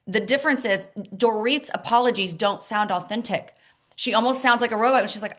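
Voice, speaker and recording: A woman's voice: medium pitch, moderate pace, fairly bright tone. A woman co-hosting a casual reality-TV recap chat, talking in a questioning, reflective way. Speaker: co-host.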